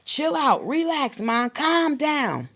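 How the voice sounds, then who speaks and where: A woman voicing her calm son, who repeats her soothing words back in a singsong way. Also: high voice, takes it slowly, over a noisy crowd, pitched above the performer's own voice, heavily acted.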